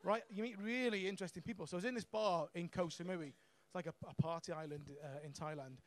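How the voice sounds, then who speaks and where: A high-voiced young man works a comedy club crowd through a handheld mic. He is brash and sweary, and he chuckles at his own punchlines as he goes. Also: fast, slight background noise. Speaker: stand-up comedian. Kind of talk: stand-up set.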